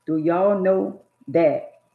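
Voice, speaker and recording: A woman's voice: on the low side, extremely slow, vocal fry. A woman preaching life advice straight to her viewers in an emphatic, sermon-like monologue. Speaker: vlogger giving life advice. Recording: tinny phone-like sound in an echoey room.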